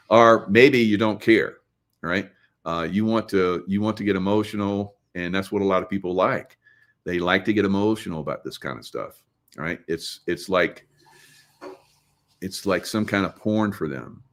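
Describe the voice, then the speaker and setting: Rambling low-voiced man commentator. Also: moderate pace, fairly bright tone. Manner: rambling, many fillers and "right?" tags. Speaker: host. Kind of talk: casual political commentary.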